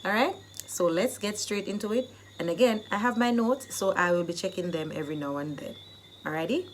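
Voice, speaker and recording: A woman hosting a casual video tutorial, teaching phrases and acting them out loudly. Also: mid-range voice, fairly quick, a little hiss or hum. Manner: animated, acts out phrases loudly. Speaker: YouTube host teaching phrases.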